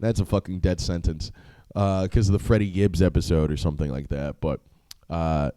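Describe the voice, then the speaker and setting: A man's voice: low-pitched, fairly even intonation, normal speed, mellow, smooth, no echo. A young man hosting a solo podcast, talking casually in a profane, rambling way, with frequent laughs and filler words. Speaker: podcast host.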